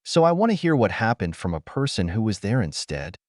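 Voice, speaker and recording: A man voicing Ezekiel, a calm, wry leader. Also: fairly low pitch, brisk, no room sound, studio quality.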